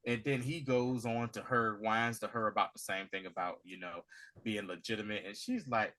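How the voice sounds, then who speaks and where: A man co-hosting a casual TV recap podcast, animated and acting out lines from the scenes. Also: lowish voice, moderate pace. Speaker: podcast co-host.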